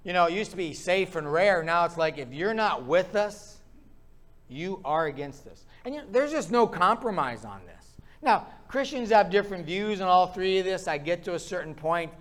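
A man's voice: high-pitched, expressive, normal speed, a bit bright. A man preaching a sermon, impassioned and ranting as he pounds the pulpit. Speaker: pastor.

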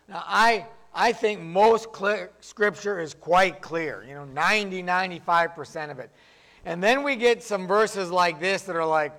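A man's voice: high voice, measured pace, bright, forceful tone. A man preaching a sermon as pastor, in a plainspoken, conversational way, acting out voices of the people he quotes.

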